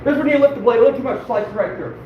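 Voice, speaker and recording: A man's voice: very high-pitched, very fast, narrow, tinny audio, faint music behind. A man, a fur trapper, chatting casually to viewers as he works, swearing often and grumbling at himself. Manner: frustrated and self-deprecating. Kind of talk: casual live-stream demonstration. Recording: echoey room, mic far off, background noise.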